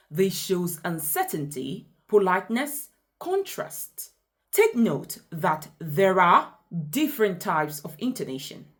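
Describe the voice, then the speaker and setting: A woman coaching English pronunciation, speaking deliberately and acting out example sentences with exaggerated stress. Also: mid-range voice. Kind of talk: scripted pronunciation lesson.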